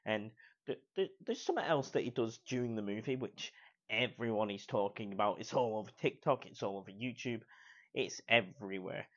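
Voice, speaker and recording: Excited man reviewing a movie, lo-fi. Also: on the low side, normal speed. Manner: enthusiastic, repeats praise words, quotes scenes in put-on voices. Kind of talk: casual film review. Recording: dull lo-fi recording.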